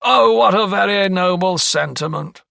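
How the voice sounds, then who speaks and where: A man's voice: mid-range voice, expressive, normal speed, vocal fry, sharp tone, no echo, studio quality, distant mic, exaggerated voice. A man voicing a ruthless, scheming English lawyer who talks in a sneering, sardonic way.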